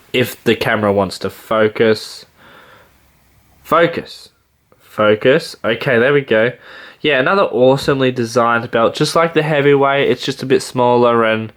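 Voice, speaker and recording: Aussie guy rambling about his figures, gets all excited, normal middle voice. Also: medium pitch. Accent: Australian. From Australia. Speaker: toy reviewer. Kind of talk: casual figure review.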